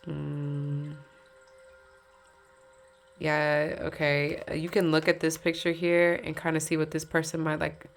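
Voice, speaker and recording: A woman's voice: deep voice, completely flat delivery, unhurried, long pauses. A woman giving a casual pick-a-card tarot reading, chatty and candid, talking straight to her viewers and laughing between points.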